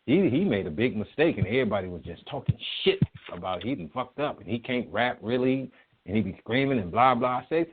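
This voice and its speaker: A man's voice: mid-range voice, a little fast, a little hiss or hum. Man telling stories over a tinny phone line. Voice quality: profane, animated, acts out quotes. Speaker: guest, music promoter. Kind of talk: casual storytelling interview.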